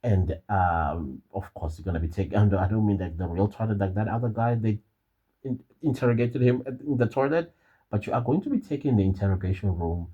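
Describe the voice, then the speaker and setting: South African male commentator, low and husky, emphatic and rhetorical, lo-fi sound. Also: brisk. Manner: emphatic, rhetorical, addresses the listener directly. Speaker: online commentator. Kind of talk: casual commentary monologue.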